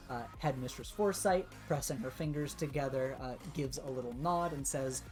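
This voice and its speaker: A man narrating a tabletop role-playing game as game master, relaxed and full of filler words. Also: mid-range voice, normal speed, soft background music. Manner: relaxed, filler-heavy narration with many uhs.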